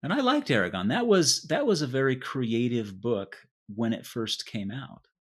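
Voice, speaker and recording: A man guesting in a relaxed interview, talking in a loose, rambling way with frequent restarts. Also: mid-range voice, normal speed. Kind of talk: casual chat.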